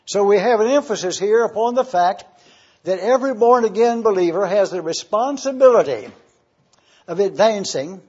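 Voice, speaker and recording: A man preaching an evening sermon, teaching slowly and spelling Greek words letter by letter. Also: sits high, darkish tone, slightly rough, lo-fi sound. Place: church service, evening.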